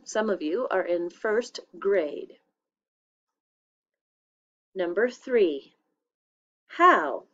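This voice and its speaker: A woman teacher giving a spelling test to young children, saying each word slowly and clearly and repeating it. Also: mid-range voice, dull audio.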